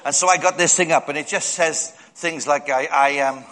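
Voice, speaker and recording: Guy preaching in a big church, bright voice, does squeaky voices for people, echoing hall. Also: normal speed. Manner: animated, jumps high to act out voices. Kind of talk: storytelling sermon. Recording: long hall reverb.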